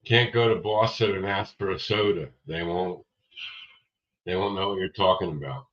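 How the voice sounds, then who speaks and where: A deep-voiced man chats casually on a livestream, answering viewers by name with a bright, forward edge. His audio is dull and lo-fi, and he sits a little away from the mic. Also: normal speed, far from the mic. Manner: rambling, chatty, addresses viewers by name. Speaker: livestream host. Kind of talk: casual livestream chat reading viewer comments.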